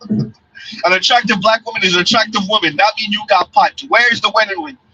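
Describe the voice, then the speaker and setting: A man's voice: high voice, a little fast, bright, forceful tone, highs cut off, a little hiss or hum. A man hosting a blunt, mocking commentary show while riding in a car, often laughing. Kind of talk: casual live commentary. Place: in a car, in transit.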